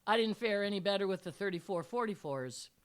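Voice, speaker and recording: An older woman reading her own teaching memoir aloud. Her delivery is wry and dry, with an even mid-range voice. She tells it like a seasoned storyteller. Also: medium pitch, a little fast. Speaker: retired teacher telling a memoir.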